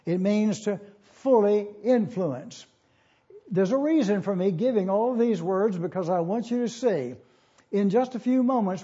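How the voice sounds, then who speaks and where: A pastor teaching a Bible lesson, spelling out words letter by letter and repeating key phrases slowly. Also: male voice, high voice, dark tone, husky. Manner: slow, deliberate, spells out Greek words letter by letter. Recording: dull lo-fi sermon recording.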